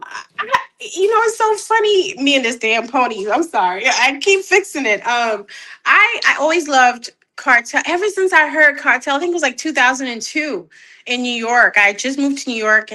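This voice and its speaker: Bright, animated woman with a lilt. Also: high voice. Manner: animated, laughs often, repeats words. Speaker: guest artist. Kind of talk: casual interview chat.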